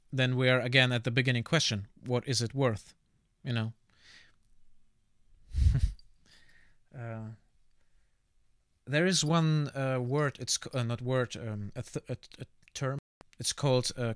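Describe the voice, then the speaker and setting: A man with a Russian accent muses out loud while he draws on stream. He stops now and then to hunt for the right word. His voice is smooth and resonant at an ordinary middle pitch, and it sits dry and close to the mic. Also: dry recording. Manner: halting, often stops to search for words; relaxed, reflective, laughs easily. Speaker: art streamer. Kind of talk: casual chat while drawing on stream.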